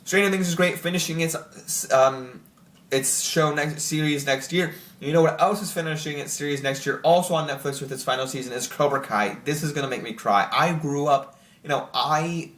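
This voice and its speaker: Rambling excited young man, roomy sound. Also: on the high side, moderate pace. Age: young adult. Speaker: channel host ranking TV shows. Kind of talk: casual chat to camera. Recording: roomy echo.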